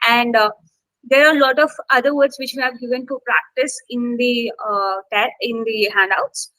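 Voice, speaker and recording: A woman's voice: on the high side, fairly even intonation, moderate pace, sharp tone, rough recording. A woman instructor teaching an online English class, coaxing students to take part, with many fillers.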